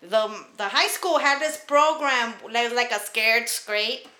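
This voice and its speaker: A woman's voice: on the high side, slow pace, sharp tone. A young adult woman co-hosting a casual podcast chat, talking bluntly and with lots of swearing. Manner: blunt and profane, recounting her youth with laughs. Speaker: podcast co-host. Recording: echoey room.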